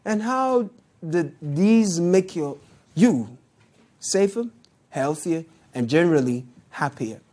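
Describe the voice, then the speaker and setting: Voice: medium pitch, animated, slow pace, warm tone. A news show host with a Ghanaian accent, delivering satirical commentary in a sarcastic, mocking way. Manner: sarcastic, mocking, laughs at clips.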